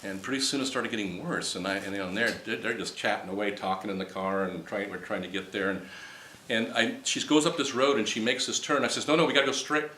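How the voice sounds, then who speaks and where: Low-voiced man telling a story in a roomy hall. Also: fairly quick, a little hiss or hum. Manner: animated, rambling with restarts, acts out quoted dialogue. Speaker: presenter telling a personal story. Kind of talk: casual storytelling to a group. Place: meeting room with a live audience. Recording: roomy hall with faint ambience.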